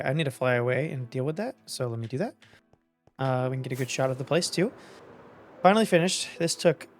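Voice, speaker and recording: A man hosting a gaming video, thinking aloud in casual commentary, self-mocking and quick to get excited. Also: medium pitch. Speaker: gaming channel host.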